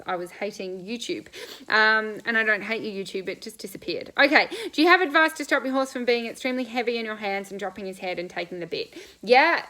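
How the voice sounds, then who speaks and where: A woman's voice: mid-range voice, bright, forceful tone, low-quality recording. A woman riding coach hosting a casual live question-and-answer stream, chatty and bubbly as she answers viewers while eating breakfast. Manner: bubbly and chatty, quick laughs, loose rambling answers.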